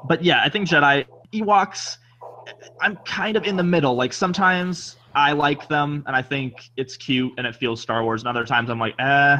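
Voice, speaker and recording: A man's voice: on the high side, normal speed, lo-fi sound, a little hiss or hum. A man co-hosting a podcast in casual chat, rambling and correcting himself as he goes. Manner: rambling, self-correcting, animated. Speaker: podcast co-host.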